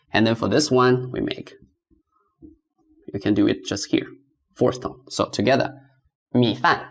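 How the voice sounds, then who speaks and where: A man's voice: medium pitch, vocal fry. A man teaching beginners pronunciation, patiently repeating sounds and stressing tones. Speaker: Mandarin teacher.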